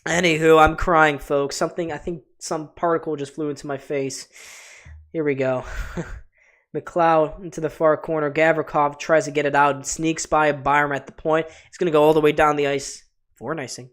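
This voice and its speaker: A man's voice: a little high, little pitch movement, moderate pace, a bit bright. A man hosting a live reaction stream, giving chatty play-by-play commentary and talking to his viewers. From Buffalo area, USA. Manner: chatty, talks to his chat as "folks". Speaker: livestream host.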